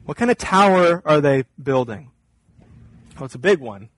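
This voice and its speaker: A man preaching a sermon, reading scripture and explaining it earnestly, his voice climbing and growing louder when he presses a point. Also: big pitch swings, normal speed, dry recording, poor audio. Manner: earnest preaching, rises in pitch and volume when stressing a point. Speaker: pastor.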